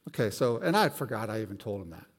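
A man's voice: on the low side, fast, long reverb tail. A man preaching a sermon to his church, telling a personal story and acting out the voices in it. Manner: animated storyteller, acts out voices. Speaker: pastor. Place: church sanctuary.

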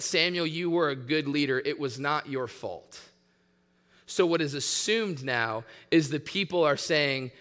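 A man's voice: fairly high pitch, bright, forceful tone, long reverb tail. A man preaching a sermon, teaching earnestly and reading scripture aloud. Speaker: pastor.

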